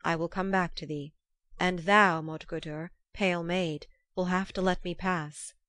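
A woman's voice: lowish voice, fairly even intonation, a little slow, a bit bright, dry recording. A woman voicing a determined young male messenger rider, speaking earnestly in formal, old-fashioned phrasing. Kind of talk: storybook reading.

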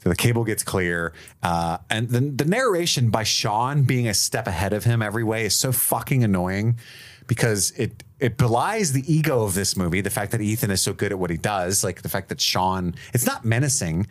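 A man's voice: on the low side, expressive, moderate pace. A man co-hosting a podcast in casual chat, recapping a movie with wry, profane remarks. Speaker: podcast co-host.

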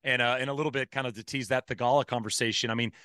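Male podcast host, bright tone, dry close sound, loose rambling questions. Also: medium pitch, steady tone, very fast, smooth, no echo. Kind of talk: casual podcast interview.

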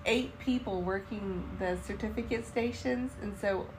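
With a mid-range voice and an unhurried pace, this woman from Charlotte, North Carolina, co-hosts a laid-back podcast recapping a trip. She acts out quotes and laughs a lot while telling the story. Slight background noise is present.

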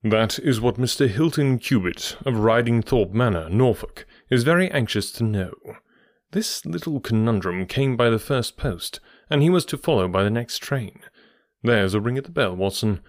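A man voicing a sharp male detective who explains his reasoning in a measured, faintly superior tone. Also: on the low side, animated, dry recording, studio quality, lightly acted. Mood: dry. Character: sharp, lecturing male detective, cool and precise.

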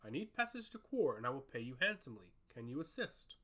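A man voicing a proud woman high priest. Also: sing-song, fast, sharp tone. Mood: firm. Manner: cool, formal and assertive.

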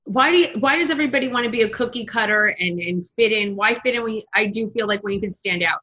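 Bright-voiced, blunt woman storyteller. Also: on the high side, quick pace. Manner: blunt, animated, acts out quoted dialogue. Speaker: podcast guest. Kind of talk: casual storytelling chat.

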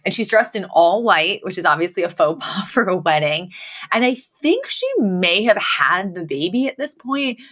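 A woman with a lowish voice and moderate pace co-hosts a podcast, casually retelling a sitcom episode. She's an animated storyteller who acts out the characters' lines and laughs often.

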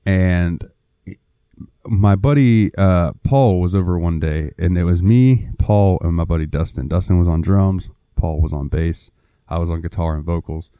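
A laid-back man with a very low, very dark voice, chatting on a podcast. He tells a rambling story in a relaxed way, and his voice sounds dry and close. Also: measured pace, smooth, no echo. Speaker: podcast co-host. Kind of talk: casual chat.

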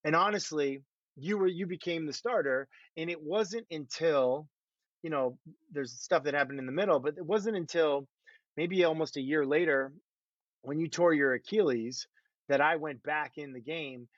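A man's voice: fairly high pitch, normal speed, no echo. Self-mocking middle-aged man, muffled sound. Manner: self-deprecating, laughing storyteller. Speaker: former pro quarterback. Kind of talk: casual conversation. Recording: dull, dry muffled audio.

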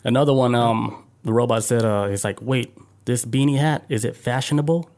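An easygoing man co-hosting a casual podcast, steering the talk to new topics and reading short items aloud in a plain conversational way. His pitch sits in an ordinary middle range for a man. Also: moderate pace, a little mellow. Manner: easygoing, leads topics, reads quotes aloud. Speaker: podcast co-host.

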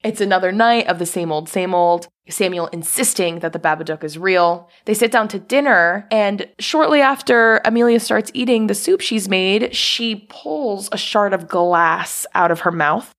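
A woman co-hosting a podcast, calmly retelling film scenes in casual chat. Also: mid-range voice, moderate pace, hardly any pauses. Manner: steady plot narration, laughs along. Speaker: podcast co-host.

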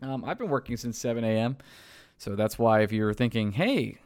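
A man's voice: medium pitch, animated, moderate pace, a little mellow. A tired man, hosting a podcast outro, rambling and poking fun at himself as he trips over names. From New York. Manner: rambling, self-mocking, stumbling over names. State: tired late at night. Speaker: podcast host.

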